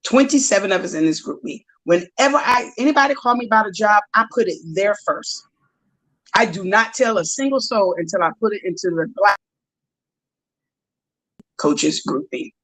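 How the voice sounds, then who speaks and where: A woman strength coach as a podcast guest, speaking in a lively way and acting out the people she quotes. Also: medium pitch, normal speed, low-quality recording. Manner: lively storyteller, acts out quoted dialogue. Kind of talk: casual interview.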